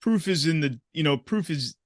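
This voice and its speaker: A man's voice: fairly high pitch, expressive, normal speed, no echo, studio quality. A man talking over his character's feelings as a tabletop game player, hesitant and full of repeated words.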